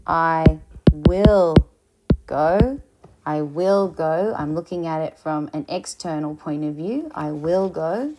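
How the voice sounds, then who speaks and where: A woman teaching a recorded lesson, explaining slowly, with fillers and restarts. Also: low-pitched, animated, dark tone, faint music behind. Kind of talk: recorded lecture.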